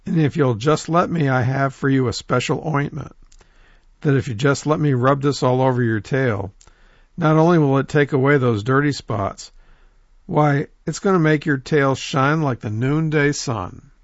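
A man voicing a sly, smooth-talking male rabbit trickster who flatters and coaxes in a folk tale. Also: medium pitch, normal speed, dry recording, dull audio, natural voice. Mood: flattering. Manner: coaxing, flattering, persuasive.

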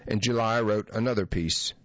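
Deep-voiced man narrating a reflective memoir. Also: no echo, highs cut off. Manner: measured, reflective first-person reading. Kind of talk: audiobook narration of a memoir essay.

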